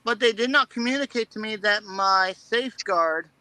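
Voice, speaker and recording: A truck driver talks from his cab in a high, very bright and smooth voice. He answers in short, matter-of-fact replies, recorded dry. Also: normal speed, dry recording, low-quality recording. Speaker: truck driver panel guest. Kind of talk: casual chat.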